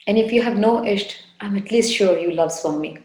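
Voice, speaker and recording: A woman leads a devotional satsang in a soft, unhurried voice, gently coaxing and repeating her key phrases. Her tone is mellow and warm, in a middle register. The room around her rings with a noticeable echo. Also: medium pitch. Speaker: spiritual teacher leading a satsang. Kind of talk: devotional talk with guided meditation. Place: indoor room.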